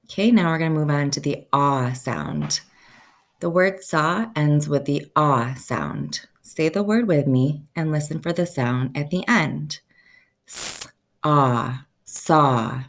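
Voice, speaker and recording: A woman teaching a first-grade phonics lesson, slowly stretching out each sound so children can say the words with her. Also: deep voice, lively intonation.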